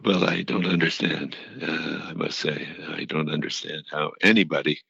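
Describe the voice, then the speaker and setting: An older man speaking as an interview guest, halting as he searches for words. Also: a bass voice, flat delivery, gravelly, pushed and bright, slightly rough, no echo, dull audio. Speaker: actor and activist guest. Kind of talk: interview conversation.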